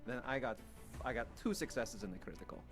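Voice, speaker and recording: A man at a tabletop game rolls dice and describes what his character does in a casual, chatty way. His voice sits at an ordinary pitch, with soft music behind the stream. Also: fairly quick. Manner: casual, describing actions with many likes. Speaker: player. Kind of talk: tabletop role-play.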